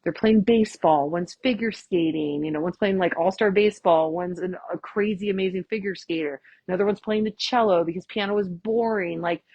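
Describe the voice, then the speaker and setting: A woman chiropractor, giving a lively, chatty workshop talk and often asking "right?". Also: fairly low pitch, fairly quick, hardly any pauses, no room sound, highs cut off. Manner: chatty, tags lines with "right?", acts out quotes. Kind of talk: casual, enthusiastic presentation.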